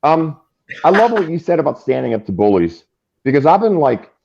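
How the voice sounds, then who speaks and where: A man's voice: fairly high pitch, brisk, creaky. A man ranting on a livestream call, his voice leaping up and down as he swears. The sound is muffled and lo-fi, like remote call audio. He speaks in a loose, casual way. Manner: animated, swearing ranter. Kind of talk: casual chat.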